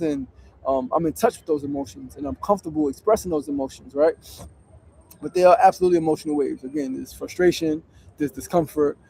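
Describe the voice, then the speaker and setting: A man's voice: high voice, creaky, warm tone, slightly rough, poor audio. A middle-aged man hosting a livestream outdoors, talking in an emphatic, profane, preachy way about staying disciplined. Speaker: livestream host on a public fast. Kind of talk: casual motivational livestream talk. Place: outdoors on a city street. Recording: faint urban street noise.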